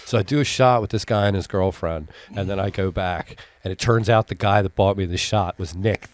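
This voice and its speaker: A man's voice: low voice, a little fast, few pauses, no echo. A man, co-hosting a podcast and telling stories in casual chat, acting out quotes and swearing freely. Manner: storytelling with acted-out quotes, profane. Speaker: podcast co-host and comedy show producer.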